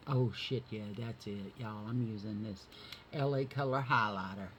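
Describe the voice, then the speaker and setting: A woman's voice: extremely low pitch, normal speed. A woman doing her makeup on camera and chatting to viewers, telling rambling stories from her day in a homey, friendly way. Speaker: beauty vlogger. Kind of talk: chatty makeup tutorial with storytelling. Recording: noisy home recording.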